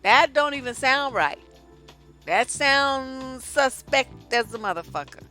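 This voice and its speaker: Woman, high bright voice, blunt sassy advice, profane, faint music behind. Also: slow pace. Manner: profane, sassy, animated storytelling. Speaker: relationship coach answering viewer questions. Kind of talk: blunt live-stream advice talk.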